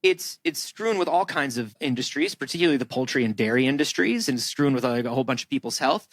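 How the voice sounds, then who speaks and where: A man's voice: mid-range voice, expressive, quick pace, no echo. A man from Florida co-hosting a comedy podcast, joking around and slipping into silly voices. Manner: jokey, breaks into silly character voices. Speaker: podcast co-host. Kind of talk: casual comedic chat.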